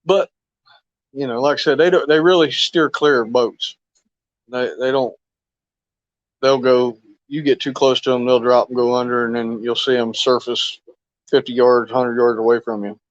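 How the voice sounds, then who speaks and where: A man's voice: medium pitch, fairly even intonation, moderate pace, pauses often, no room sound. Folksy rambling man on a lo-fi stream. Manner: rambling, folksy, chuckles often. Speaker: fishing live stream host. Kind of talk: casual live stream chat.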